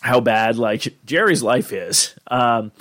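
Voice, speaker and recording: A man's voice: slow pace, fairly bright tone. Rambling young man recapping a show. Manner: rambling, lots of "like" and "uh", acts out character lines in a high voice. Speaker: podcast host. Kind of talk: casual episode recap.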